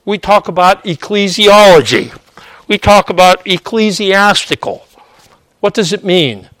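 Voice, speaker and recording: A man preaching a teaching sermon, pausing often with "uh" and checking in with "okay?" as he explains scripture. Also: high voice, animated, fairly bright tone, no echo. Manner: digressive, frequent "uh" and "okay?" checks.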